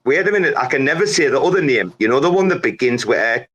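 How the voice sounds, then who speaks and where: A man's voice: medium pitch, lively intonation, quick pace, a bit bright, a little hiss or hum. A man in a casual group chat, jokey, laughing, and butting in with questions.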